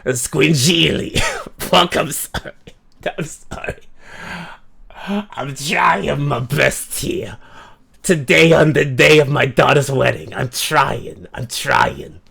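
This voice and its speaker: A man's voice: on the high side, takes it slowly, creaky, fairly bright tone, full character voice. A man putting on a hammy Italian mob boss voice with a mock New York mobster accent, joking and stumbling over words. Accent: put-on New York Italian mobster.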